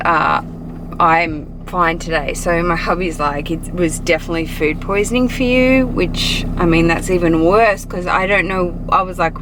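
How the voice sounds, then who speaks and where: Slow, low-voiced Australian woman vlogging. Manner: chatty, talks straight to viewers. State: tired and weak after illness. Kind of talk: casual daily vlog chat. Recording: noisy handheld vlog audio.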